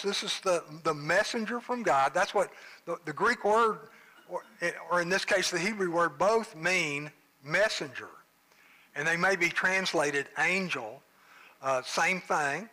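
Male pastor, joking and conversational, high and bright, takes his time. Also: expressive, unhurried, low-quality recording. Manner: conversational and joking, with playful asides. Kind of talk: sermon.

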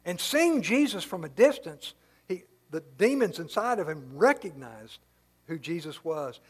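Male preacher, higher register, casual storytelling sermon full of asides. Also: big pitch swings, a little slow, slightly rough. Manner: casual, explanatory, tells stories with many asides. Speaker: pastor. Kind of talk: conversational Bible teaching sermon.

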